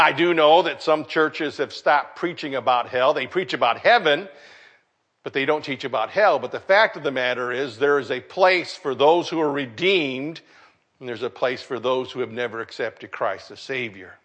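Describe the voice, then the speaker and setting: A middle-aged man preaching a sermon, animated and acting out the voices of the people in his story. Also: mid-range voice. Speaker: pastor.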